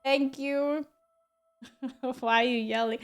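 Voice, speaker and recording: A woman game streamer chatting casually with her viewers, giggling and exclaiming as she thanks them in quick bursts. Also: high voice, steady tone, smooth. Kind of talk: casual live-stream chat.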